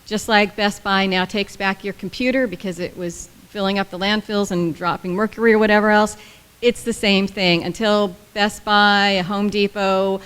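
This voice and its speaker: Woman presenter, blunt, animated and joking, medium-pitched voice, heard with long reverb in a meeting hall. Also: clean tone. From United States. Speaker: government agency presenter. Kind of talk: workshop presentation. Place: conference room.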